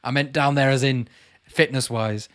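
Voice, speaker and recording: A man's voice: medium pitch, steady tone, moderate pace, a bit bright, clean tone, no room sound, clean studio sound. A man hosting a casual livestream, reading out viewers' comments and chatting back to them. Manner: chatty, calls viewers mate, reads comments aloud. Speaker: channel host answering live chat.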